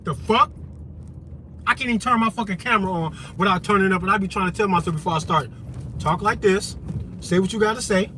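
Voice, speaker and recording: A man in a car tears into a political rant, swearing freely and driving each point home with heat. His voice sits high and cuts bright, a little tense. A faint engine rumble runs underneath. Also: fairly quick. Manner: profane, heated, loud and emphatic. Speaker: vlogger. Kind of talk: impassioned political rant to camera.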